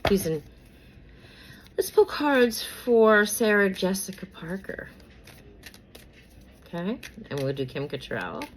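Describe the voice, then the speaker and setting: A woman's voice: mid-range voice, animated, takes it slowly, pauses often, poor audio. A woman chatting casually about celebrity gossip while doing her makeup, rambling with many fillers and repeats, and sometimes whispering names as she pulls cards.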